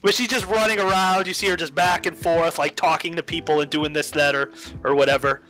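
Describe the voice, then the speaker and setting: A man's voice: fairly high pitch, fairly even intonation, fairly quick, bright, forceful tone, faint music behind, low-quality recording. A man narrating as game master of a tabletop game, chatty and rambling.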